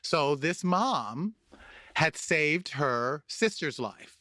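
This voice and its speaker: A man, a guest, telling a personal story in conversation, animated, often repeating and restarting words. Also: on the high side, drawn-out words, dry recording, studio quality.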